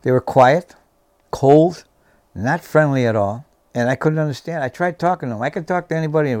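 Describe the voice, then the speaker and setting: This veteran in his seventies is a vivid storyteller, recalling the war and playing out each exchange of dialogue. His voice sits on the high side with a darkish tone, he speaks fairly quickly, and there's no echo.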